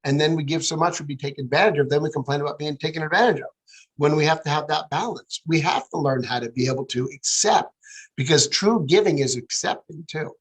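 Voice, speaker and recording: A middle-aged man, a guest, telling a personal story with lively acted-out dialogue. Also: on the high side, fast, husky, low-quality recording. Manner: animated, acts out quoted dialogue. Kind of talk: storytelling interview.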